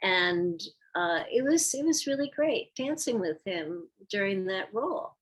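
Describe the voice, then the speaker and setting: A woman's voice: mid-range voice, measured pace. An older woman, a former ballet dancer, telling stories from her career in a casual interview, acting out the lines of people she quotes. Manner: animated storyteller, acts out quoted lines.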